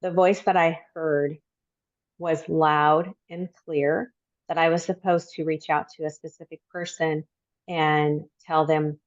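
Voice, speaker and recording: A middle-aged woman telling a personal story as a podcast guest, reflective and halting, with many pauses. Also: deep voice, level tone, no room sound, lo-fi sound.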